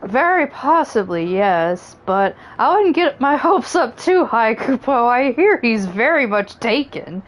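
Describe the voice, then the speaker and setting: A woman voicing a small, cheerful moogle creature in a game, speaking high and bouncy. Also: sing-song, unhurried, few pauses, dull audio. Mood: chirpy. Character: chirpy little moogle creature.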